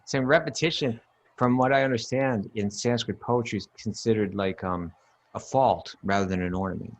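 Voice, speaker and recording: A man's voice: lowish voice, normal speed. A man casually explaining scripture verses, emphatic, often repeating himself and chanting Sanskrit lines. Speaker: podcast co-host teaching scripture. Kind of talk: casual teaching talk.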